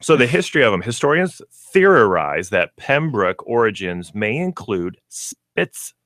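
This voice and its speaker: A man co-hosting a casual pet radio show, reading aloud haltingly and stumbling over hard words. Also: on the low side, sing-song, a bit bright, dry recording, studio quality. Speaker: co-host, pet store representative.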